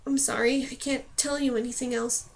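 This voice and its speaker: An earnest, anxious young heroine from a storybook, read by a woman, high in pitch. She apologizes softly and pleads loudly when pushed. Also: flat delivery, a little fast. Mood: worried. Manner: apologetic, then pleading shouts.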